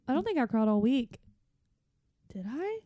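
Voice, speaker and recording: A young woman, co-hosting a podcast in casual chat and telling stories in a lively way. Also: high voice, moderate pace, no echo, studio quality. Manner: chatty, animated storytelling with run-on asides. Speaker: podcast co-host.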